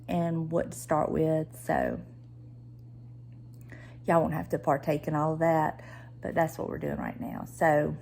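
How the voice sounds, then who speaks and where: A woman's voice: low-pitched, darkish tone, a little hiss or hum. A woman with a Southern American accent chatting casually to the camera at home, teasing and laughing often as she talks. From Southern United States. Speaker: lifestyle vlogger.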